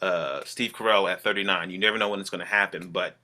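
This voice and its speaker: He is a singer and actor chatting on a podcast, sounding earnest and upbeat. His voice is fairly low yet sounds very bright and forward. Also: steady tone, fast talker, slight background noise. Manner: upbeat, earnest, prone to laughter. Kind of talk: casual interview chat.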